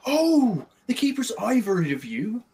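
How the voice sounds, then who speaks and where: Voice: medium pitch, big pitch swings, unhurried, mellow. A player voicing a small, chatty male travelling merchant who rambles and apologizes in a flustered way during a tabletop game. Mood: friendly. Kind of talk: tabletop role-play in character.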